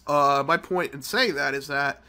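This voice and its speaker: Male gaming vlogger with a cold, loose profane storyteller, tense bright tone. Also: a little high, moderate pace. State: sick with a cold. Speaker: mobile game channel host. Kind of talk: casual gameplay commentary.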